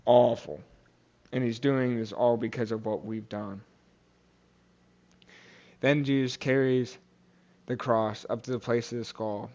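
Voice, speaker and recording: A man's voice: mid-range voice, steady tone, unhurried, long pauses, mellow, muffled recording. A young man hosting a podcast, retelling a Bible story in casual talk, with many fillers and restarts and quotes acted out in character. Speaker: podcast host.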